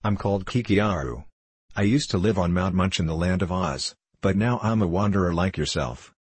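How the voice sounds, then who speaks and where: A sulky young runaway who talks back bluntly and defiantly in a storybook tale, read by a man. The voice is low and husky, recorded close and dry with no room sound. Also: moderate pace, no echo. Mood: matter-of-fact.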